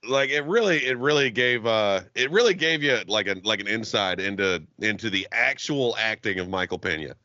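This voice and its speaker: A man co-hosting a podcast, talking in a loose, profane, animated way and laughing often. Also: on the low side, moderate pace, few pauses, no echo, highs cut off. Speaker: podcast co-host. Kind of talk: casual chat.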